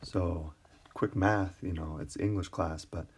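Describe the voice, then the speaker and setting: A male English teacher talks through a recorded screencast lesson in a very low voice. He speaks slowly and casually, with many ums and restarts. A faint hiss sits under the tablet recording. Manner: relaxed, many fillers and restarts. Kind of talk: screencast lecture on poetry.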